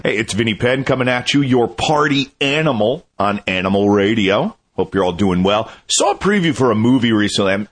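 A man's voice: fairly low pitch, animated, brisk, few pauses, soft background music. A man telling a casual, self-amused story on a radio show. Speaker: show contributor.

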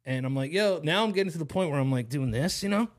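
A man's voice: on the high side, expressive, fast. A young man hosting a podcast, telling a long story in casual chat, rambling and profane with lots of slang. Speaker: podcast host.

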